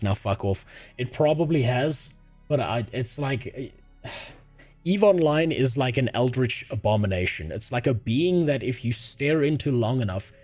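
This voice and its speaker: This is a man with a warm, mid-range voice and a South African accent, originally from South Africa. He streams and chats casually with viewers, reading their messages, often laughing, with a crude and sarcastic sense of humor.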